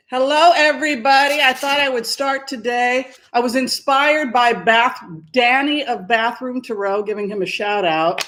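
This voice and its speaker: A woman's voice: a little high, steady tone, moderate pace, few pauses, fairly bright tone, a little hiss or hum. A woman hosting her tarot channel, chatting in a rambling way and correcting herself as she goes. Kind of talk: casual chat.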